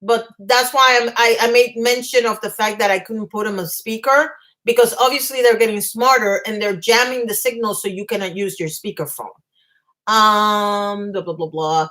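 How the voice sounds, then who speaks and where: A woman vlogger on a live stream at home, telling a story in a fast, agitated rush and stumbling over her words. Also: mid-range voice, a bit bright, poor audio. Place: home apartment.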